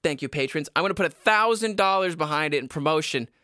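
A man's voice: fairly high pitch, animated, fast talker, pushed and bright, no echo, clean studio sound. A man hosting his own podcast, ranting in a profane, exasperated way with self-mocking laughs, recorded in a basement at home. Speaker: podcast host. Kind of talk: casual ranting monologue.

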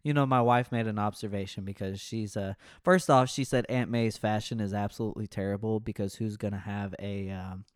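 A man's voice: fairly low pitch, fairly even intonation, a little fast, hardly any pauses, no room sound, clean studio sound. A man co-hosting a casual podcast chat, joking around and acting out other people's lines in little quoted voices. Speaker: podcast co-host.

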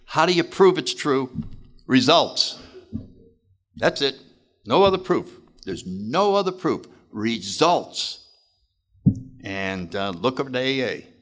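A man speaking at a recovery meeting, telling stories in an animated way and acting out voices. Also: mid-range voice, takes it slowly, long pauses. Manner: animated, acts out voices, laughs often. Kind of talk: recovery talk storytelling.

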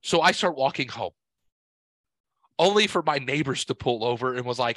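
A man hosting a podcast, telling a story in a casual, profane, animated way and acting out what others said. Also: medium pitch, moderate pace, no echo. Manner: profane, animated, quotes people in voices. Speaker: podcast host.

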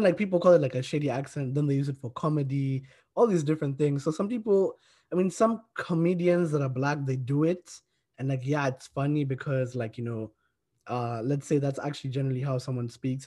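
A man's voice: medium pitch, dark tone. A man hosting a casual discussion, speaking earnestly and conversationally with plenty of filler words.

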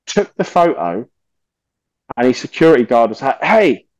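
Guy rambling thru a story, swears a lot, does the voices, mid pitch, dry sound. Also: moderate pace, dry recording, muffled recording. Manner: animated, swears often, acts out quoted voices. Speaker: podcast guest, musician. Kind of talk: casual storytelling interview.

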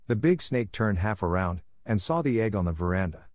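Low-voiced man reading a storybook. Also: sing-song, fairly quick, no echo, clean studio sound. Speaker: audiobook narrator. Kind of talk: storybook narration for English learners.

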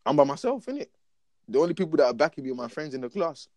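In rapid-fire podcast chat, a young man with a fairly high voice tells stories with lots of slang, playing out his own lines and repeatedly asking if you get him. The audio has no echo.

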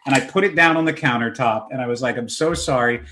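A man's voice: medium pitch, fast talker, slight background noise. A man in his thirties, a podcast host, telling self-mocking stories in a casual chat. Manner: animated, self-mocking storyteller.

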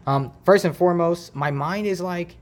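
A man from Ohio hosting a casual faith podcast, talking in a rambling, relaxed way full of slang, recorded on a decent mic in a makeshift home setup. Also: high voice, normal speed. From Ohio, USA. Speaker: podcast host.

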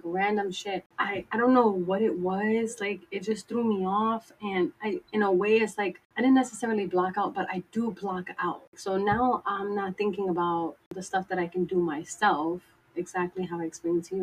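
A woman's voice: medium pitch, slight background noise, rough recording. A young woman telling a personal story in a casual, rambling way, full of "like" and "you know," swearing freely and voicing her own past thoughts.

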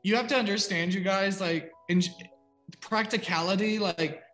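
A young man delivers a casual psychic reading in a chatty, rambling way, leaning on "like" at every turn. His voice sits a little high and sounds bright and forceful. Faint music plays in the background. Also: moderate pace. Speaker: psychic medium giving a reading. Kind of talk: casual spoken reading on a video call.

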